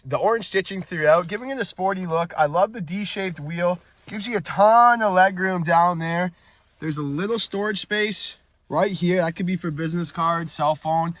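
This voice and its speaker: A man's voice: a little high, fairly bright tone. A man hosting a casual walkaround car review, upbeat and chatty as he points out features, first outdoors and then inside the car. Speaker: car reviewer, channel host.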